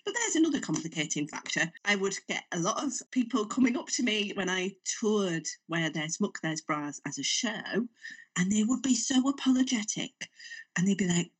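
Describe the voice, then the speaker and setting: Northern english woman chatting away, husky voice, bit far off the mic. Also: medium pitch, normal speed. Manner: animated, chatty storyteller. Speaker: writer and comedian guest. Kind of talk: casual podcast interview.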